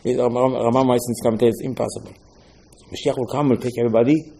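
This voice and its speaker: Mellow-voiced man giving a Torah lecture. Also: mid-range voice, fairly even intonation, racing, gravelly, slight background noise, poor audio. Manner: loose, repetitive phrasing with Hebrew terms. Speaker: rabbi.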